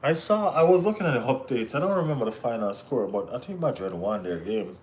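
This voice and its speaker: A Jamaican man hosting a casual football watch-along stream, bantering with viewers in relaxed Caribbean slang. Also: mid-range voice, a little fast, a little hiss or hum. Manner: laid-back banter with Caribbean slang, bursts of excited teasing. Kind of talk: casual live-stream chat reading viewer comments.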